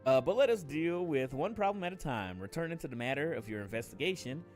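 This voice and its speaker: A man reading aloud as a composed male video game character who briefs an adventurer in formal, measured speech. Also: a little high, expressive, darkish tone, soft background music, natural voice. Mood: solemn.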